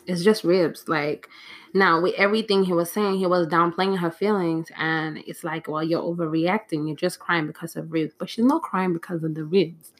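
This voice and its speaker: A woman hosts a casual solo podcast, rambling from point to point and restarting her sentences. She sounds flustered and frustrated, and her speaking voice sits on the lower side. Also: fairly even intonation, normal speed. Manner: rambling, scattered, restarts often. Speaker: podcast host.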